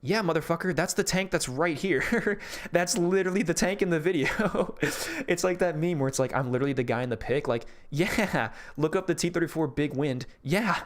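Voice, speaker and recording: A man's voice: high voice, moderate pace, few pauses. A man hosting a casual live stream, chatting loosely as he rambles, swears often and laughs easily.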